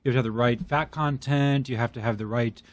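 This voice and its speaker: A man's voice: mid-range voice, steady tone, fast, no room sound. A man who runs a bakery, talking in a studio, enthusiastic and proud of his product. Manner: enthusiastic, proud salesman patter. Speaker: bakery owner. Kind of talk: casual studio chat. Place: radio studio.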